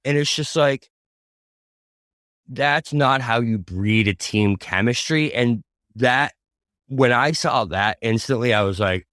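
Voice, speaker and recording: A man's voice: mid-range voice, a little slow, a bit bright, dry recording, clean studio sound. A man co-hosting a casual sports podcast, talking earnestly and rambling through his opinions. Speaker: podcast co-host.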